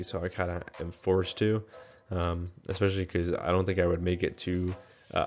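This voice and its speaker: A young man giving relaxed gameplay commentary, tired and full of fillers. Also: low voice. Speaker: game commentator.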